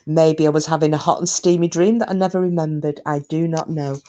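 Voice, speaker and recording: A woman's voice: low voice, fairly even intonation, fairly quick, dark tone, muffled recording. A woman chatting casually on a live stream, rambling through stories, answering comments and swearing mildly.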